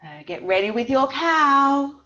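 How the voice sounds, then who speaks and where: A woman leading a parent-and-baby signing class, animated and sing-song, making animal noises for the little ones. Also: high voice, unhurried, muffled recording.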